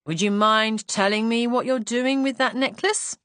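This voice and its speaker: A woman voicing a male police inspector who speaks calmly and politely, with a measured, quietly skeptical edge. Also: a little high, dry recording, voice pushed up, close to an everyday voice. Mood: calm, probing.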